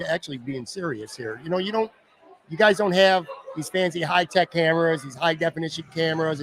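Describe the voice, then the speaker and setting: Podcast host, male, slightly high voice, earnest and rambling, live in a bar. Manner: earnest, asks long rambling questions. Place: pizza bar.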